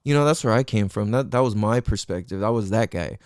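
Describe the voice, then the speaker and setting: A young man hosting a podcast, telling a personal story in a casual, animated way, full of street slang, swearing and fillers like "like" and "you know". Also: fairly low pitch, fairly quick, clear, resonant tone, no echo, studio quality. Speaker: podcast host.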